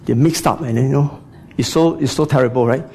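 A man's voice: medium pitch, a little fast, creaky, mellow, husky. A man preaching a sermon, speaking to the congregation with frequent rhetorical questions and "you know" asides.

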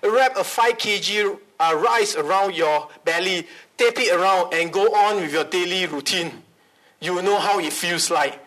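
A man voicing a doctor who gives matter-of-fact advice in a lower voice. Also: moderate pace, a bit bright.

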